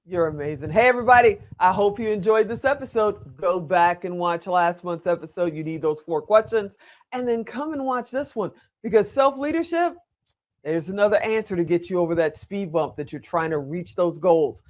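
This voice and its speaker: A man's voice: high voice, normal speed. An older man hosting an interview show, chatty, frank and enthusiastic. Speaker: host.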